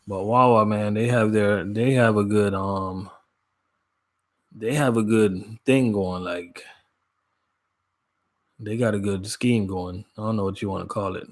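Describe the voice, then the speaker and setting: A man from Jamaica hosting a casual livestream, chatting in laid-back slang, greeting viewers by name and laughing often. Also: fairly low pitch. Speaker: livestream host. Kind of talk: casual live chat with viewers.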